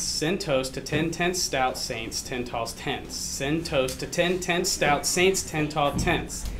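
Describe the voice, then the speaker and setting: Slow-talking joking male teacher. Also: on the high side. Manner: slow, joking self-commentary. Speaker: math teacher. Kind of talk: tongue twister attempt. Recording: noisy live stream audio.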